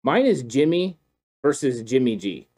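A man co-hosting a football show makes his case with fired-up, repetitive emphasis. His voice is mid-pitched with a warm, mellow tone. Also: very animated, unhurried. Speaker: co-host. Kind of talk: passionate football opinion chat.

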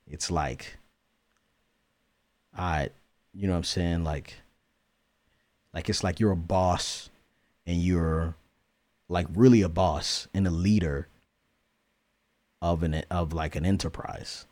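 A man in his thirties co-hosting a married couple's podcast, talking loosely with many fillers and turning energetic when he hosts. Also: sits low, slow pace, pauses often, dry recording. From California. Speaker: podcast co-host. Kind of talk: casual chat.

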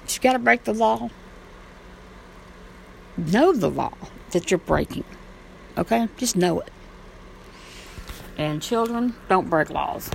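Gravelly woman ranting in a blunt vlog. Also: lowish voice, a little hiss or hum, rough recording. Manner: blunt, rambling and impassioned, swears freely. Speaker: vlogger. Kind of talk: casual monologue.

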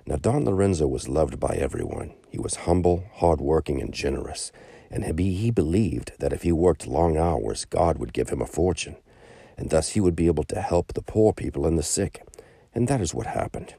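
Deep gravelly storyteller man. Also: expressive, moderate pace, warm tone, no room sound, clean studio sound. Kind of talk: bedtime story narration.

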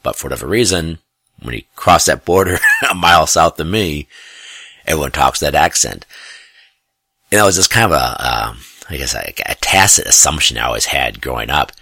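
A man's voice: a bass voice, creaky, pushed and bright, breathy edge, no echo, clean studio sound. A middle-aged man, telling a family story in a rambling, self-correcting way, often chuckling. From US Midwest. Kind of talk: casual personal storytelling.

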